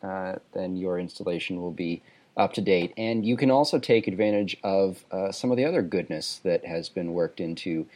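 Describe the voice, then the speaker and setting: A man's voice: deep voice, normal speed, a little mellow. A man from Texas with a Texan accent, hosting a casual podcast chat in a laid-back, self-deprecating way. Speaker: podcast host.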